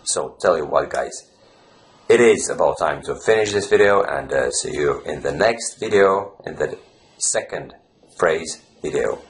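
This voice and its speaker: Male fluency coach, deep and gravelly, loose chatty vlog delivery with lots of fillers. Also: lively intonation, measured pace. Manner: rambling, frequent "you know" fillers. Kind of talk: casual teaching vlog.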